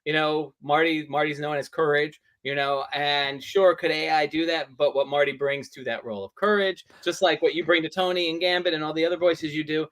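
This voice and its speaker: Man, fairly high voice, casual host, rambling questions. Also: fairly even intonation, fairly quick, hardly any pauses, fairly bright tone. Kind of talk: casual interview chat.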